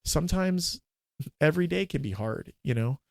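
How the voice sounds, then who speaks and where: A man in his forties, a minister and podcast guest, telling a candid, emotional personal story in a halting way with many restarts. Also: fairly high pitch, lively intonation, vocal fry, no echo, studio quality.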